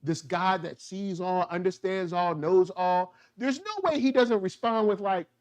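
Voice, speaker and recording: Slangy, animated man reviewing a show. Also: high voice, unhurried. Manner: slangy, animated, acts out quotes. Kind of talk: casual solo TV review talk.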